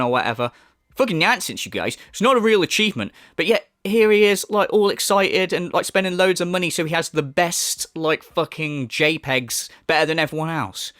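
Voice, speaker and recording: A man rants through a commentary video, sarcastic and sweary. His voice sits a little high and jumps around in pitch, and the sound is dry and close. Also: animated, a little fast, a bit bright, no room sound. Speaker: commentary YouTuber. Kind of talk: ranting commentary.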